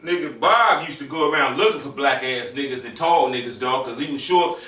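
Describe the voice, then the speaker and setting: A man, casually telling loud, profane, laughing stories about his school days as a podcast host. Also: medium pitch, a little fast, distant mic. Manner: laughs often, swears heavily, acts out people in the story. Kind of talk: casual storytelling. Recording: roomy, off-mic, with loud music behind.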